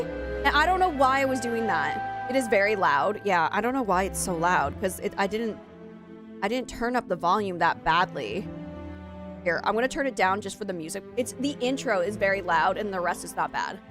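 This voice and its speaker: A woman live-streaming a cozy game, talking excitedly to her chat and game animals over a headset. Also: mid-range voice, normal speed, music in the background. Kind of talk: casual live-stream chat while gaming.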